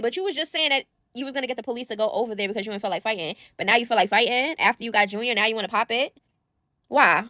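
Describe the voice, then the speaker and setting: A high-voiced woman runs casual gossip commentary straight to her viewers, sassy and full of slang. She keeps calling the audience "y'all" and "child" as she talks. The sound is close and dry, with no room around it. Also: a bit bright, dry recording.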